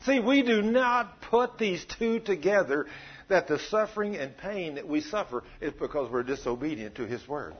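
A man preaching a sermon, telling stories in a folksy, animated way. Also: fairly high pitch, slightly rough. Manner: folksy, animated storytelling with acted quotes. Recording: dull lo-fi sound.

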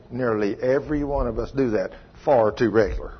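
A man's voice: mid-range voice, brisk, breathy edge, muffled recording. A man preaching a sermon in a folksy, emphatic way, asking his congregation questions. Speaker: pastor.

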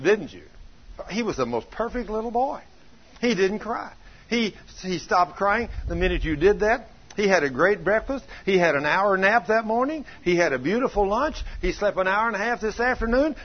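Preacher guy telling a story, acts out everybody's lines, kinda raspy, dull old recording. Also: medium pitch. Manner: folksy, plays out dialogue in changing voices. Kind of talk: sermon storytelling.

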